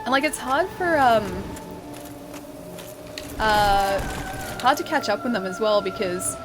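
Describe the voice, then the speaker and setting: An Australian woman streams a game, chatting casually with viewers, laughing often and using many fillers. Her medium-pitched voice is animated and slow, with game music making the background noisy.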